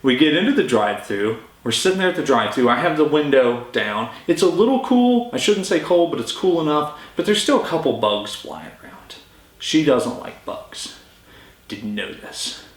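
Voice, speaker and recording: A man's voice: on the high side, normal speed. A young adult man casually telling a story-time tale in a chatty, informal way. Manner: informal, chatty, lively retelling. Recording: roomy echo.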